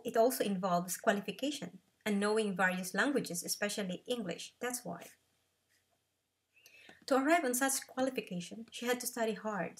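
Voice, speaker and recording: A woman reading aloud from her own memoir in an unhurried, measured way. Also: mid-range voice.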